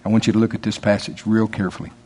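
A man preaching a sermon in a conversational way, laughing and teasing his listeners, rising in pitch and volume when he stresses a point. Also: little pitch movement, very fast, warm tone, slightly rough.

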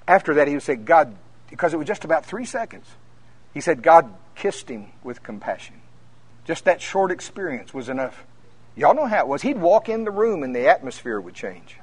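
A minister preaching at a conference, telling folksy stories that climb to emphatic peaks. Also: male voice, sits high. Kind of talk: conference sermon.

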